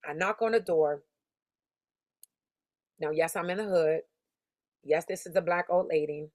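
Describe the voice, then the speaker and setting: A woman's voice: on the low side, a little slow, darkish tone, dry recording. A woman sales coach giving a motivational lesson in an emphatic, conversational, slangy storytelling manner. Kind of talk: motivational teaching talk.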